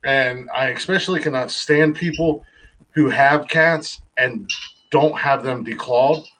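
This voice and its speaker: A man's voice: mid-range voice, measured pace, fairly bright tone, low-quality recording. Blunt, swearing podcast co-host man. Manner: blunt, swears, chuckles through his stories. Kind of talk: casual chat.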